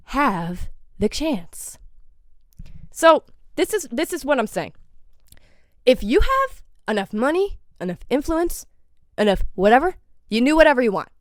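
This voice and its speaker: A woman's voice: on the high side, no room sound, clean studio sound. A young woman hosting a podcast, ranting in casual commentary with heavy swearing and rhetorical questions. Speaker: podcast host.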